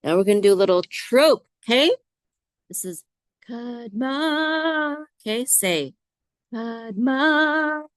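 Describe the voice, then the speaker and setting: A woman teaching biblical Hebrew word by word, slowly sounding out letters and asking listeners to repeat after her. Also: medium pitch, animated, no room sound. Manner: slow, drawn-out repetition, prompting listeners to say words back. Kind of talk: slow, patient word-by-word Hebrew lesson.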